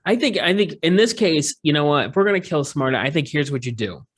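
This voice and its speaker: A man's voice: a little high, expressive, fast, a bit bright. Rambling joking male podcast host. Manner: rambling, joking, lots of fillers and restarts. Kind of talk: casual podcast chat.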